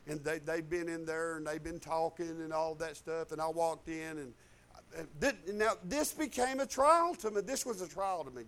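A man, a pastor telling a testimony in a conversation, folksy and animated, chuckling as he goes. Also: fairly high pitch.

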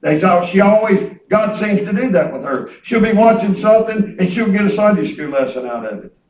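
A high-voiced male preacher talks through his message like a chat, folksy and rambling, repeating words as he goes. He sits back from the mic, and the room around him rings with echo. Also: animated, a little fast, darkish tone. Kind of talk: conversational preaching. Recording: echoey room, distant mic.

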